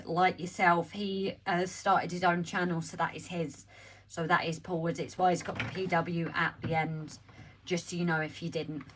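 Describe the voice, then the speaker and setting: Speaking into a phone on a holder, a livestream host chats casually from home and welcomes viewers by name. Her voice is fairly low and fairly bright in tone, slightly croaky as she gets over an illness.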